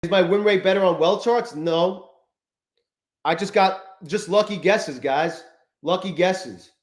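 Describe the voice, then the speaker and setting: A man's voice: high voice, measured pace, reverberant. A man hosting a live stream, chatting casually and profanely, rambling and greeting viewers in the chat. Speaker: livestream host.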